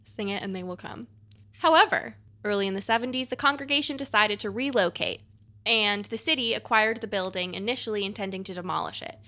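A woman's voice: mid-range voice, a little fast, sharp tone. A woman co-hosting a podcast, chatting casually and reading a script aloud with breezy, slangy asides. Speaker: podcast co-host.

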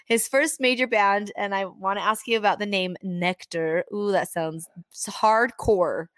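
A woman's voice: mid-range voice, unhurried, a bit bright, no room sound, studio quality. A woman hosting a casual interview, bubbly and enthusiastic. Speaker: host.

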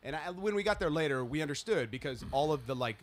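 A man's voice: a little high, fast. A man hosting a podcast, telling a story in casual chat and acting out the people in it. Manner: animated storytelling, acting out quotes. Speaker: podcast host.

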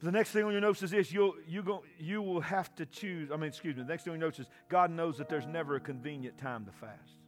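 Man preaching loud, high bright voice, soft music under it. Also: fast, few pauses. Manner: shouting, call-and-response preaching. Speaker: pastor. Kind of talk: sermon.

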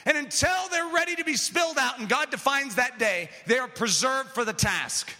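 A man preaching a sermon, impassioned and building to shouted lines. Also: very high-pitched, expressive, moderate pace. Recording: reverberant hall.

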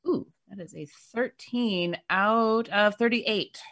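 A woman player in a tabletop game, talking in a measured, agreeable way. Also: medium pitch, fairly bright tone.

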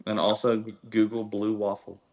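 A man in a loose group chat, mid-pitched and plain-voiced, who needles the others and swears without thinking. His tone stays blunt and jokey. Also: completely flat delivery, normal speed, darkish tone. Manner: teasing, swears freely. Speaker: guest content creator. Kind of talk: casual banter on a group call.

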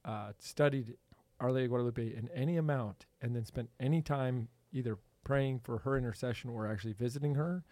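A man hosting a podcast in casual chat, animated and laughing often. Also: mid-range voice, fairly quick, hardly any pauses, no echo. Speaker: podcast host.

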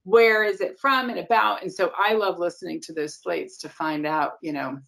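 A woman casting director answering interview questions in an animated, emphatic way, with quick asides. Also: lowish voice, vocal fry. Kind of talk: casual interview talk.

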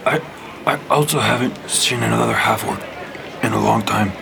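A man playing in a tabletop game, talking in halting starts and stammers. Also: on the low side, creaky, noisy background. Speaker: player.

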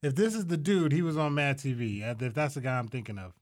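A man co-hosting a podcast, chiming in with relaxed casual chat. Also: medium pitch, fast. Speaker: podcast co-host.

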